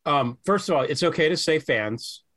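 A man of middling pitch hosts his podcast with earnest, emphatic talk. He rambles a little and restarts as he warms up to his guest. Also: animated, normal speed. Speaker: podcast host. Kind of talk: podcast monologue and interview.

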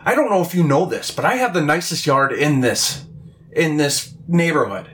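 A man's voice: expressive, normal speed, a bit bright, a little hiss or hum. A man voicing an angry, fussy woman homeowner who scolds a worker for crossing her lawn. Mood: indignant. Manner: shrill scolding.

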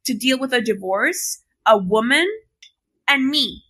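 A woman's voice: a little high, a little slow, fairly bright tone. A young adult woman in casual chat, recounting a personal story candidly and heatedly, swearing often and leaning on filler words. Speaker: podcast co-host telling a personal story.

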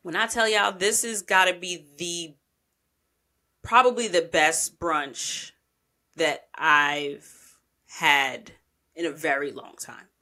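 A woman's voice: on the low side, takes it slowly, pauses often. A woman hosting a travel podcast, telling her trip stories in a casual, candid way, full of slang and swearing. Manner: candid, slangy, animated storytelling with profanity.

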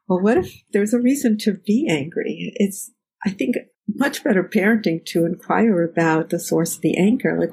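A woman's voice: medium pitch, normal speed, a little mellow, breathy edge, rough recording. A woman guest, a researcher, answering interview questions in a thoughtful, explanatory way with examples.

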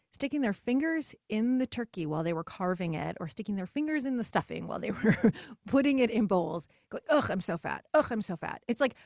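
A middle-aged woman hosting a podcast, talking in a chatty, animated way and acting out the voices she quotes. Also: medium pitch, no echo, studio quality. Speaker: podcast host. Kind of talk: casual solo podcast monologue.

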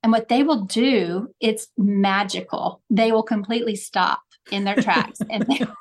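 A middle-aged woman, a parenting coach, talking in a podcast interview and telling stories with acted-out quotes. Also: unhurried. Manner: animated storyteller, acts out quotes with big pitch jumps.

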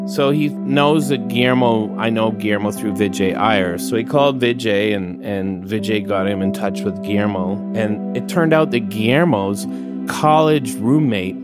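A man's voice: moderate pace, loud music behind the voice. A man casually telling a personal story in a candid, profane, wry way, acting out the people in it. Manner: acts out quoted dialogue with raised pitch. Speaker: storyteller recounting a personal accident.

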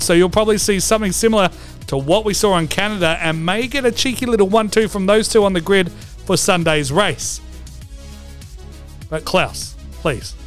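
A man's voice: high-pitched, a bit bright. A man hosting a comedic racing preview vlog, brash, profane and theatrical. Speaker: host.

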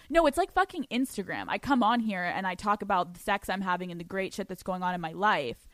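A woman's voice: medium pitch, a bit bright, no echo. Brash, profane young woman podcast host. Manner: brash, profane and rapid, with frequent laughs. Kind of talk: solo podcast rant and sex-advice talk.

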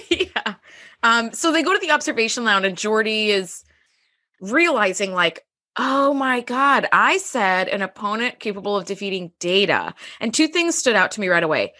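A woman's voice: fairly high pitch, very animated, moderate pace, bright, forceful tone, no echo, studio quality. A woman co-hosting a podcast, chatting casually and animatedly, acting out lines and laughing often. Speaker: podcast co-host. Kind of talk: casual recap chat.

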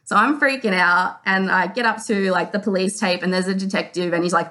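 An Australian woman calling in to a show, telling a story in a casual, animated way and acting out the other people's voices. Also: medium pitch, a little fast. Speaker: caller.

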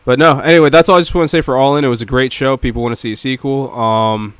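Animated man in a dry room. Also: mid-range voice, fast talker, clear, resonant tone, no echo. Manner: animated, laughs often. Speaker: podcast co-host. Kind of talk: casual chat.

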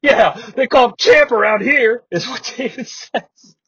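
A man's voice: extremely high pitch, expressive, unhurried, a bit bright, slightly rough, no room sound. A man hosting a podcast, recapping old wrestling with wry humor, frequent laughter and rambling asides. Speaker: podcast host. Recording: dry, slightly muffled podcast mic.

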